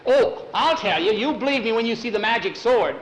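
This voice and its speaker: A man voicing an excitable, boastful young boy who talks in a high, insistent voice. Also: fairly quick, slight background noise. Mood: eager. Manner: eager, insistent, high-pitched. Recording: echoey room with faint ambience.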